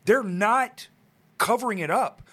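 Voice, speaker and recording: A man in casual chat, joking and swearing, tossing in quick asides. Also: high voice, bright, forceful tone, breathy edge.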